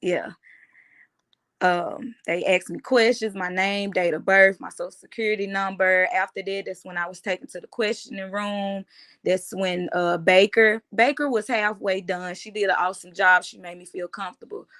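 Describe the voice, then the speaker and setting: A woman, giving a halting, emotional personal account in an interview, often restarting her phrases. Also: medium pitch, fairly even intonation, a bit bright. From United States. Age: 30s.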